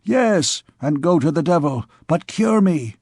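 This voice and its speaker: A man's voice: on the high side, lively intonation, a little slow, darkish tone, dry recording, clean studio sound. A man voicing an anxious, stingy medieval king who snaps querulously, in an audiobook reading. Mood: exasperated. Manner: querulous, peevish outbursts.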